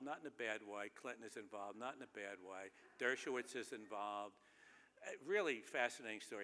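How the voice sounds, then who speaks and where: A man's voice: lowish voice, bright, forceful tone. A man giving a humorous speech on stage, telling wry, self-deprecating anecdotes in a loose, chatty way. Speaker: keynote speaker. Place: large theater stage. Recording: long reverb of a large theater.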